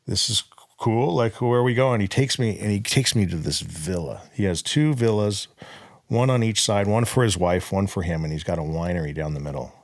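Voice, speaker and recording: A man's voice: on the low side, normal speed, dry recording. A young man from Southern California, a podcast guest telling his story in a blunt, profane, casual way and acting out the dialogue.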